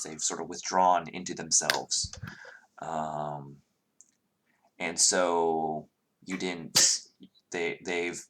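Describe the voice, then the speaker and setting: Casual low-pitched guy GMing a tabletop game, kinda meandering, um-heavy. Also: a bit bright. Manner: rambling, many filler ums and restarts. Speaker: game master.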